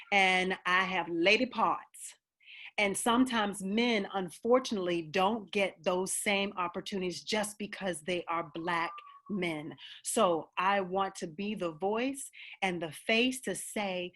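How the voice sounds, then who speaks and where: A woman's voice: medium pitch, a little slow, a bit bright. A woman with a light country twang speaks plainly and emphatically about her own life. Her manner is earnest and direct, with a mid-range voice. She is heard through video call audio. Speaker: opera singer and panel guest. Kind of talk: heartfelt personal statement.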